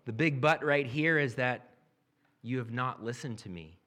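A man's voice: mid-range voice, measured pace, a bit bright. Man, pastor, sermon, conversational preaching, reads scripture then explains it.

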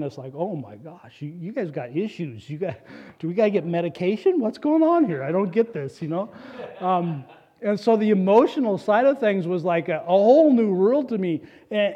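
A man's voice: fairly high pitch, warm tone, highs cut off. A middle-aged man preaching a sermon, telling his own story in an earnest, personal way and reading scripture aloud. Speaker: pastor.

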